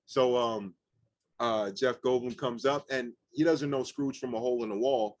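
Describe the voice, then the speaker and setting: A young man, a rapper and guest, telling animated stories casually with lots of fillers and swearing. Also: mid-range voice, normal speed, dry recording. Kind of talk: casual storytelling interview.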